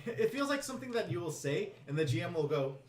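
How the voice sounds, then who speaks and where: A man at a tabletop game talks hesitantly, restarting his sentences often. His voice rises and falls a lot. The room is echoey, with clear noise behind him. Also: sits high, very animated, quick pace. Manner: hesitant, full of restarts, laughing. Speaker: player. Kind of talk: casual tabletop game chat.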